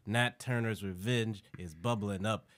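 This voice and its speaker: A man's voice: fairly low pitch, measured pace, fairly bright tone. A man co-hosting a podcast, teasing and theatrical, slipping into comic voices. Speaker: podcast co-host. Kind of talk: comedic banter.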